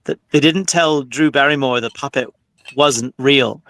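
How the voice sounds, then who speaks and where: A man's voice: mid-range voice, measured pace, a bit bright, dry recording. A middle-aged man from Canada on a movie podcast panel, eagerly reeling off film facts and cast names. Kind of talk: casual panel chat about movies.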